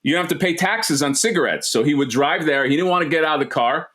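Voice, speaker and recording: A man's voice: fairly high pitch, animated, quick pace, fairly bright tone. Easygoing man chatting, casual swearing. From Florida, USA. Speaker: podcast co-host. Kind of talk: casual chat.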